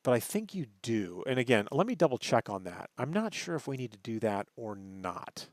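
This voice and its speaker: Brief animated male lecturer who checks himself and leans on key words, close dry mic. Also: mid-range voice, normal speed, dry recording. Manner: thinks aloud, self-correcting, stresses terms, asks "right?". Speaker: networking instructor. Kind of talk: screen-recorded lecture.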